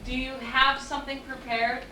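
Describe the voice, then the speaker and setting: A woman's voice: sits high, flat delivery, moderate pace, pushed and bright, distant mic. A woman playing a brusque casting director in a live stage comedy sketch, speaking curtly and dismissively. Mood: impatient. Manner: curt, dismissive. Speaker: stage actor. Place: theatre stage with an audience. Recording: echoey live theatre recording from afar, audience noise.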